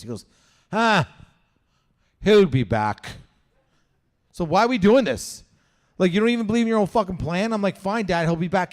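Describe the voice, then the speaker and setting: A man from Canada with a somewhat high voice works through a stand-up set. He tells a long story with plenty of swearing and jumps into other voices as he goes. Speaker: stand-up comedian. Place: comedy show venue with live audience.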